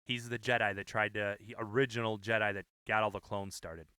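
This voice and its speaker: A man's voice: lowish voice, little pitch movement, a little fast, pushed and bright, clear, resonant tone, no echo. A man co-hosting a casual podcast, rambling and stopping to restart his sentences. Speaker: podcast co-host. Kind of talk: casual chat.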